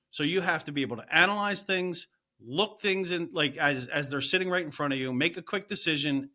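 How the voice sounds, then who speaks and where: A middle-aged man working as a real estate agent, a podcast guest talking in energetic bursts full of "you know" and "right?". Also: on the high side. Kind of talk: casual interview chat.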